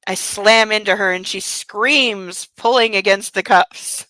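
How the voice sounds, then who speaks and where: A woman's voice: medium pitch, steady tone, unhurried, hardly any pauses, sharp tone, dry recording, rough recording. A woman reading a novel aloud and breaking off into indignant, sarcastic commentary with blunt swearing. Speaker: book club reader and commentator.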